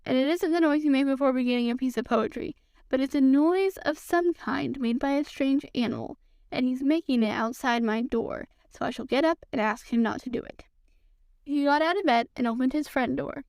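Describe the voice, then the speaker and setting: A woman reading a children's book aloud for a podcast in a gentle storytelling manner. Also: sits high, fairly quick, clear, resonant tone, dry recording. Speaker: podcast reader.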